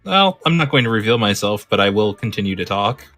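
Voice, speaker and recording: A man's voice: on the low side, very animated, fairly quick, fairly bright tone, faint music behind. A man playing a tabletop game, chatting casually and hesitantly, stammering. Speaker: player. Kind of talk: casual chat.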